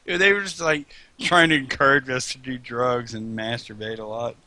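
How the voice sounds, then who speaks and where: A man's voice: mid-range voice, steady tone, fairly quick, pushed and bright, no room sound. A man chatting casually over a game, joking and swearing as he rambles. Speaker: host. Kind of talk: casual chat over gameplay.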